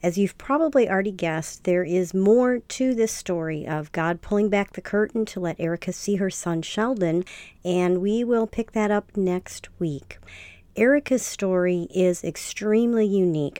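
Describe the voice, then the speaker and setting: A woman hosting a podcast, speaking in a gentle, sincere way as she wraps up an episode. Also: mid-range voice, normal speed, no room sound. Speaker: podcast host. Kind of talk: podcast outro narration.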